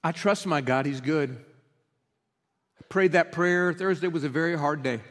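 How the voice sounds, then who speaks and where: A man's voice: a little high, moderate pace. A man preaching a sermon as pastor, earnest and emotional in his delivery. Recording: reverberant hall.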